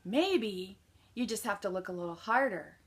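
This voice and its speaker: A woman speaker telling a personal story in an animated way, acting out what people said and answering her own questions to the audience. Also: mid-range voice, moderate pace. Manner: asks the audience questions and answers them herself. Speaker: motivational speaker.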